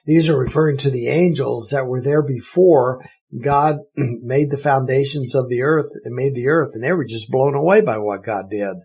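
A man's voice: mid-range voice, normal speed, a little mellow, rough recording. A man teaching the Bible verse by verse, explaining Greek words with eager enthusiasm.

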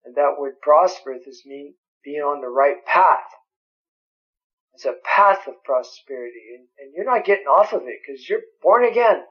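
A man's voice: a little high, lively intonation, normal speed. A man preaching a sermon, emphatic and quoting scripture at length. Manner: emphatic, quotes scripture in several languages. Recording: dull lo-fi recording.

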